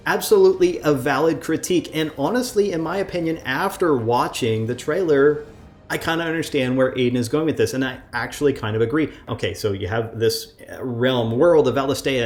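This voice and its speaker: A man's voice: mid-range voice, a little mellow. A man giving reaction commentary, reading an article aloud and arguing back at its writer with emphatic rhetorical questions, often stumbling over fillers and restarts. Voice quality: frequent fillers and self-corrections.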